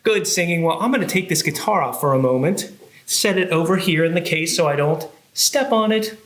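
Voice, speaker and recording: A man's voice: fairly high pitch, animated, brisk, a bit bright, echoey room, slight background noise. A man who is a children's librarian, leading a cheerful sing-song music and movement session for young kids.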